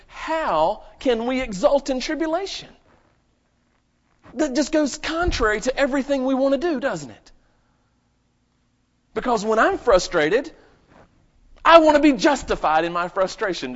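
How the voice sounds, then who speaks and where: A man preaching a live sermon at a church service, swinging between loud emphatic bursts and quiet asides and asking the congregation questions. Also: very high voice, expressive, measured pace, pauses often. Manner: asks the congregation rhetorical questions. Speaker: pastor. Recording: lo-fi dull recording.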